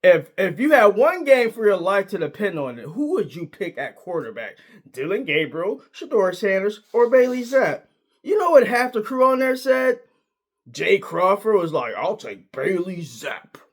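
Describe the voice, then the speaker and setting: A man's voice: high-pitched, very animated, moderate pace. A man giving a casual, emphatic sports opinion monologue, full of slang and repeated points. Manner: emphatic, repetitive, slangy, argumentative. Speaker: sports commentator.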